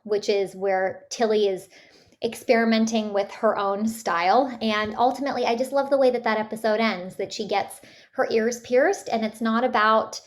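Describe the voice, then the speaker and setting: Canadian woman talking about voice acting, lots of ums and restarts, middle pitch. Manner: chatty, with many fillers and restarts. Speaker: voice actress guest. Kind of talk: casual interview chat.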